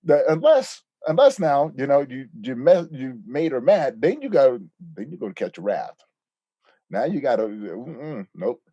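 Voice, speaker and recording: A man's voice: medium pitch, very animated, moderate pace, warm tone, no room sound, muffled recording. A man hosting a podcast, reacting to his guest with playful jokes and laughter. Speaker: podcast host. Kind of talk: casual interview conversation.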